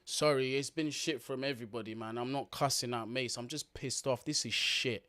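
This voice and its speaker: A man's voice: medium pitch, steady tone, a little fast, fairly bright tone. A man hosting a football watch-along, giving blunt, slangy live commentary, swearing freely and talking straight to his viewers.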